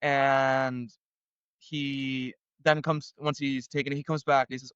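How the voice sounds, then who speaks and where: Lively storytelling man, crisp and dry. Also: medium pitch, unhurried, dry recording, dull audio. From Canada. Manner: animated, acts out others' voices in quotes. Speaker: guest. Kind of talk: casual storytelling.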